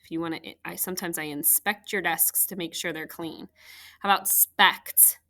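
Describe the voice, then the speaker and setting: A woman's voice: fairly low pitch, steady tone, moderate pace, sharp tone. A woman teacher patiently walking young students through a phonics worksheet, step by step. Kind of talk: phonics lesson walkthrough.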